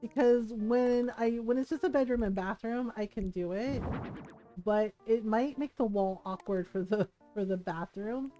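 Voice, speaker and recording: Animated high-voiced woman streamer telling stories. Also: a little slow, faint music behind, poor audio. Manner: animated, laughs often, acts out quotes. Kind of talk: casual storytelling while gaming.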